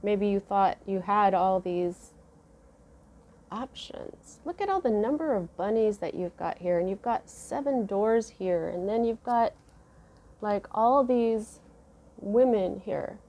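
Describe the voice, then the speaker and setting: A woman giving a casual tarot reading, musing slowly with many fillers and restarts. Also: medium pitch, expressive, highs cut off. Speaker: tarot reader.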